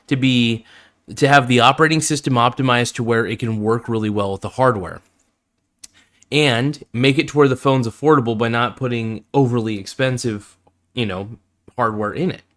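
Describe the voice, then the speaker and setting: A man's voice: medium pitch, normal speed. A man hosting a live-streamed phone review, talking casually with lots of fillers, restarts and enthusiastic asides. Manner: enthusiastic fan, easily impressed.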